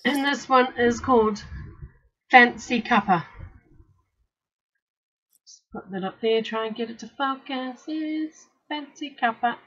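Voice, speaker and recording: A woman with a husky voice chats on a live stream, reading product names aloud and adding short comments. Her sound is a little muffled and lo-fi. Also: a little high, slow pace, long pauses, fairly bright tone. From Australia or New Zealand. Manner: reads product names out, chimes in briefly. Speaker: co-host of a vape review stream. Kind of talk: casual live-stream chat.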